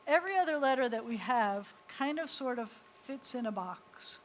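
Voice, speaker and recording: An American woman, a rabbi, teaching a beginners' Hebrew class in a lively, chatty way. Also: high voice, moderate pace, rough recording. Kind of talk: classroom lesson. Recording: faint hiss.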